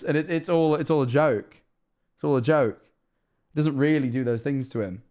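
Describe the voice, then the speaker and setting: A man's voice: mid-range voice, fairly quick, a little mellow, clear, resonant tone. A young man from England with an English accent, chatting casually on a livestream, rambling, joking and swearing. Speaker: streamer. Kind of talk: casual livestream reaction chat.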